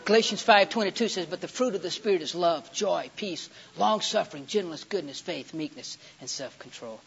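A middle-aged male preacher with a fairly high voice, delivering a sermon with big dramatic swings. He bursts out loud and excited when telling stories, then drops to a hushed, slow murmur for scripture. The recording is dull and lo-fi, like an old tape. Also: vocal fry.

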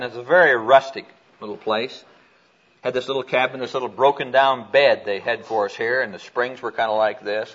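A man preaching a sermon with an animated, storytelling delivery, swinging widely up and down in pitch as he reads scripture aloud. His voice is bright and forceful. The recording is dull and lo-fi.

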